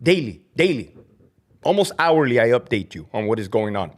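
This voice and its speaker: A man's voice: medium pitch, very animated, normal speed. A middle-aged man hosting a livestream, ranting about his former job with profanity and Spanish slang while answering chat. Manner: profane, fired-up, mocking, peppered with Spanish slang. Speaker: livestream host, former corrections officer. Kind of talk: heated livestream rant reading chat comments.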